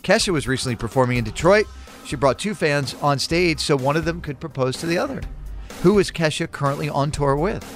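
A man's voice: a little high, expressive, fairly quick, faint music behind. A man hosting a radio quiz segment in the studio, reading trivia questions in an upbeat, punchy way. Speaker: radio show host.

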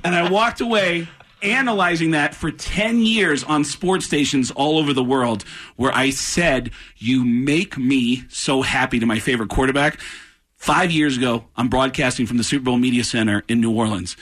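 A man, a comedian on a radio show in the studio, telling animated stories and acting out the people in them. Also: medium pitch, moderate pace. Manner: excitable, acts out voices in the story. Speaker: comedian guest.

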